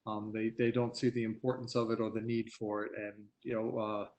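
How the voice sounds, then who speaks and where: A man's voice: on the low side, flat delivery, a little fast, darkish tone, muffled recording. A man presenting a live online training, candid and storytelling, laughing at his own anecdotes over a video call mic. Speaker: product expert presenter.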